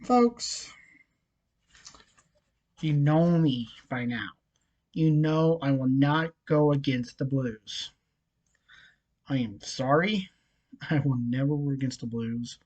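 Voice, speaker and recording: Unhurried delivery, casual hockey picks rundown, chatty with fillers, frog in the throat. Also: medium pitch, darkish tone, lo-fi sound. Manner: chatty, many fillers, reads scores and odds. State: frog in the throat, nagging cough. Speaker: hockey vlogger.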